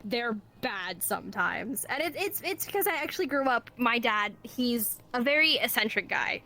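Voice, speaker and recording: Female streamer guest, bright higher voice, candid and chatty. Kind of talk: casual streamed interview chat.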